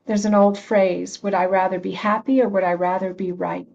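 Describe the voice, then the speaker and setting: A woman's voice: medium pitch, steady tone, moderate pace, gravelly, darkish tone, dull audio. A woman reverend leading an online prayer circle, talking in a loose, conversational way, restarting phrases, laughing often and answering comments from viewers. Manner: reads and answers chat comments. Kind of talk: informal spiritual talk.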